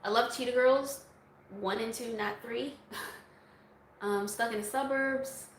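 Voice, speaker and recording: A woman's voice: a little high, steady tone, unhurried, roomy sound, slight background noise, low-quality recording. A woman vlogger answering viewer questions in a casual, chatty way, laughing often. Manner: chatty, laughs often, breaks into song snippets. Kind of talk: casual Q&A chat.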